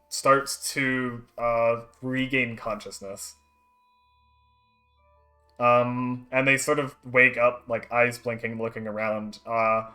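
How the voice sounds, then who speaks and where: Man, game master, bright voice, hesitant narration, lots of ums, faint music behind. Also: medium pitch. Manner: hesitant, many ums and uhs, laughs often. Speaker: dungeon master.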